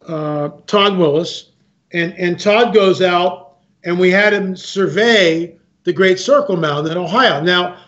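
A man's voice: high-pitched, a bit bright. A man speaking as a guest, telling stories with emphasis, repeating himself and acting out other people's lines. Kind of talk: animated storytelling talk. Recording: muffled lo-fi sound.

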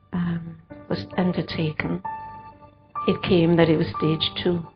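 A woman giving an earnest personal testimony in church, telling it steadily. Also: lowish voice. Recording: muffled church recording, faint music.

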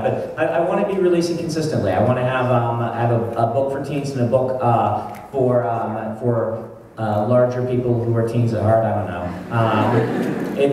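A man's voice: mid-range voice, a little mellow. A man, an author, chatting casually with many fillers at a convention session and then reading his fiction aloud. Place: convention hall. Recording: distant echoey hall, faint noise.

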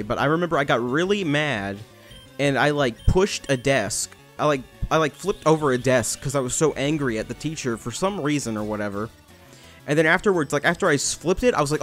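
A young man commentating his video game playthrough, rambling and cursing, shouting at the game now and then. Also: medium pitch. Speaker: gaming channel host. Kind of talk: let's play commentary.

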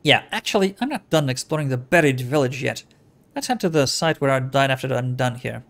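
A man's voice: medium pitch, animated, brisk, vocal fry. A man hosting a game playthrough, reading game text and adding wry muttered asides. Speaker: let's play host.

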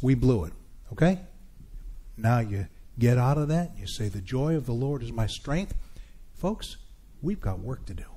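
A man's voice: medium pitch, warm tone. A middle-aged man preaching a sermon as pastor, calling out to his congregation. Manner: preaching with rising calls to the congregation.

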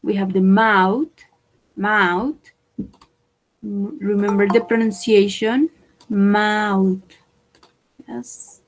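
A woman teaching English vocabulary, repeating each word slowly for pronunciation and switching into to explain. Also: mid-range voice, fairly even intonation, low-quality recording. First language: Spanish. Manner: slow, repeats words for pronunciation. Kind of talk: bilingual vocabulary lesson.

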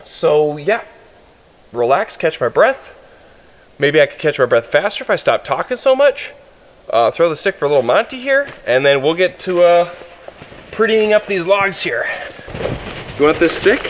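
A man's voice: a little high, sing-song, normal speed, low-quality recording. A man casually talking to camera outdoors in the winter woods, rambling and correcting himself, a little out of breath. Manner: rambling, self-correcting, chatty. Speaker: outdoor vlogger.

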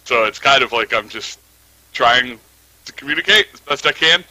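A man's voice: medium pitch, moderate pace, bright, forceful tone, poor audio. A man playing in a tabletop game, joking and laughing easily. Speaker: player. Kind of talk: tabletop role-play chat.

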